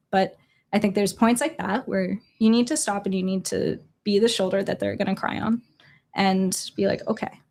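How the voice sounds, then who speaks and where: A young adult woman from Chicago, a journalist guest, telling a story in an earnest, halting way with quoted dialogue. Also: mid-range voice. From Chicago, USA. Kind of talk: storytelling in a conversational interview.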